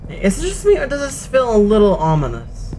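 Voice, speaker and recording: Gamer host, wry and tired, mid pitch with a bouncy, animated delivery over a horror playthrough. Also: fairly quick, a little hiss or hum. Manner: wry, sarcastic running remarks. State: tired and yawning. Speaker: gaming video host. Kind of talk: horror game let's play commentary.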